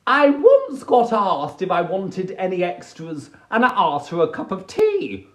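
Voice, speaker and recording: A man with a high, animated voice leisurely spins goofy stories for his livestream viewers. He plays every part himself, jumping into funny little voices. The sound carries a noticeable room echo. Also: measured pace. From England. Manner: playful, acts out voices and sings snatches of songs. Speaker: livestream host. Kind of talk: casual comic storytelling on a livestream. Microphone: phone or webcam on a live stream. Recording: echoey room.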